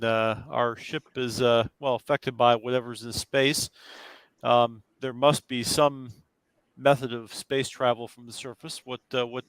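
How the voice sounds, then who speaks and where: A man's voice: mid-range voice, a bit bright, smooth, no room sound. A man speaking in character as a player in a tabletop game, polite and hesitant with many ums. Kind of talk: in-character role-play.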